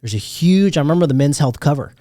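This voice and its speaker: A man in his thirties hosting a podcast, chatting casually about a movie, animated and jokey, with plenty of swearing. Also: fairly high pitch, fast talker, no room sound, clean studio sound. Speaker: podcast host. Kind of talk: casual movie review chat.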